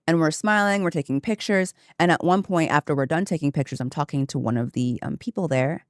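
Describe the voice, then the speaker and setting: A woman streamer chatting casually with her viewers, telling a story with lively asides and laughter. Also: sits low, fairly quick, no room sound, clean studio sound.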